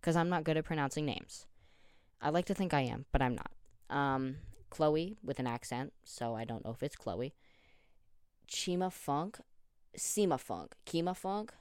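A man's voice: mid-range voice, normal speed, clean tone, no echo, clean studio sound. A young man in his late teens hosting a casual solo podcast, rambling, joking and teasing himself. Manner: rambling, jokey and self-deprecating. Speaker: podcast host. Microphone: studio headphones with a desk mic.

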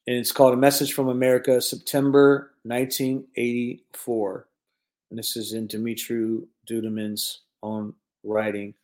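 A man's voice: darkish tone, echoey room. Emphatic man reading a prophetic testimony. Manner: emphatic storytelling, rising on key words then dropping low. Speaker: host of a prophecy newscast. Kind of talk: retelling and reading aloud a religious testimony.

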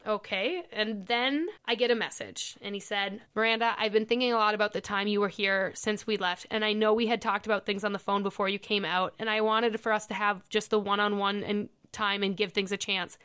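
A woman's voice: medium pitch, steady tone, a little fast, hardly any pauses, a bit bright, smooth. A young woman hosting a podcast, telling a personal story in a chatty way with lots of "like" and acted-out quotes. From Minnesota. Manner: chatty, many "like" fillers, acts out quoted lines. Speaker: podcast host. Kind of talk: casual storytelling chat.

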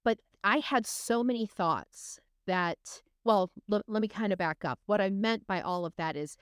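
A woman's voice: medium pitch, moderate pace, clear, resonant tone, dry recording, studio quality. A middle-aged woman co-hosting a podcast, talking frankly in a casual chat, often hesitating and restarting her sentences. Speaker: podcast co-host.

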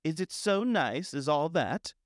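A man's voice: a little high, big pitch swings, moderate pace, a little mellow, no room sound, clean studio sound. A man voicing a shy, eager young male mole in a storybook, timid and easily delighted. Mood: wondering. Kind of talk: storybook character reading.

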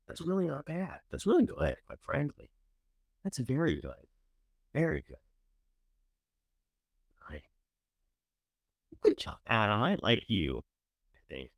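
Chatty man with a lively, swinging voice. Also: medium pitch, unhurried, creaky, pauses often, no echo. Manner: chatty, sarcastic, swings between loud enthusiasm and mumbled asides. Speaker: show host reviewing candidates. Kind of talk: casual commentary.

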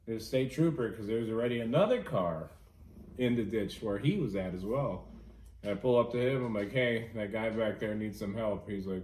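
A man's voice: lowish voice, normal speed. A man hosting a casual podcast chat, telling a work story with lots of swearing. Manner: animated storyteller, swears freely. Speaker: podcast host. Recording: echoey room, faint noise.

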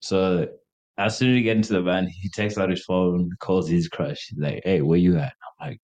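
A man's voice: deep voice, moderate pace, a little mellow, dull audio. A young man co-hosting a podcast, casually telling a party story, acting out quotes in a raised voice and laughing often. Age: young adult. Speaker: podcast co-host.

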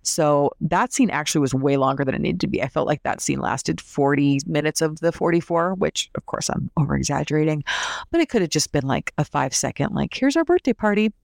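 A woman's voice: sits low, fairly quick, creaky, a little mellow, no echo, clean studio sound. A woman recapping a reality TV episode in a casual, opinionated way, saying "like" often. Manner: chatty and opinionated, heavy use of "like".

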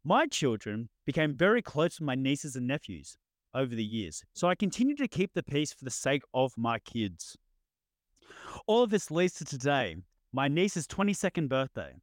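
A man's voice: mid-range voice, big pitch swings, normal speed, no room sound, studio quality. A man co-hosting a casual podcast, reading a story aloud and often tripping over words and correcting himself. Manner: stumbling reader, frequent self-corrections. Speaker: podcast co-host reading stories.

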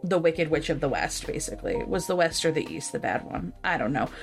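Woman co-host, low-ish voice, candid and animated, faint music under. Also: a little fast, vocal fry. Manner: candid, animated storytelling with swearing. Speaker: podcast co-host. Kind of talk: casual book discussion.

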